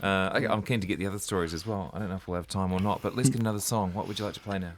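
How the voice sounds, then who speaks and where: Wry New Zealand radio host, lowish voice. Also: male voice, very fast. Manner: wry, jokey asides. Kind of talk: radio interview chat. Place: radio studio.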